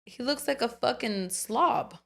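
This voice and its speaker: Slow-talking woman with blunt reactions. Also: a little high, gravelly. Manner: short blunt reactions and backchannels. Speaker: podcast co-host. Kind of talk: casual chat.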